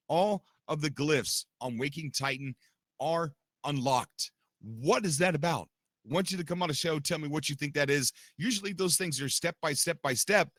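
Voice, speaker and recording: A man's voice: medium pitch, a bit bright, no room sound, clean studio sound. A man hosting a livestream podcast, chatting casually and rambling straight to his viewers. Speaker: podcast host and streamer.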